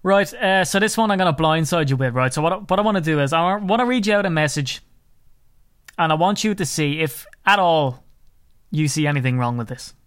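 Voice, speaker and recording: A man co-hosting a casual sports podcast, rambling and animated as he goes off on tangents. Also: fairly high pitch, brisk, clean tone, dry recording, studio quality. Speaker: podcast co-host.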